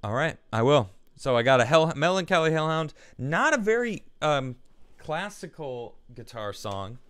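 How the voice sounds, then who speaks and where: Chatty male stream host, clear dry voice. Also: on the high side, big pitch swings, normal speed, fairly bright tone, no echo. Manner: chatty, laughs easily, stumbles and restarts often. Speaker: livestream show host. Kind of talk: casual chat, reading viewer messages aloud.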